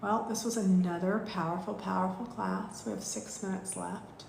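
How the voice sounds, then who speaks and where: A woman, teaching a live online spiritual class in a gushing, heartfelt way with drawn-out thank-yous. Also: mid-range voice, fairly even intonation, creaky, darkish tone, a little hiss or hum. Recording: echoey room.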